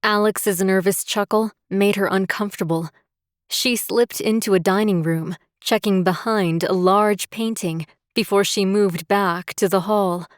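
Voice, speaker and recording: Slow, measured woman narrating an audiobook. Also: medium pitch, steady tone, dry recording, clean studio sound. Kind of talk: scripted narration.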